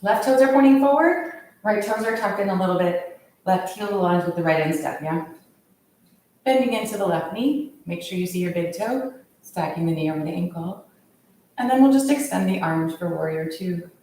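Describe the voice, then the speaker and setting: A woman leading a yoga class, calmly cueing each pose in time with the breath. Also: on the low side, moderate pace. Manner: calm, steady cueing of poses with the breath. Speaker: yoga instructor. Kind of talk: guided yoga class instruction. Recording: very echoey room, voice from far off.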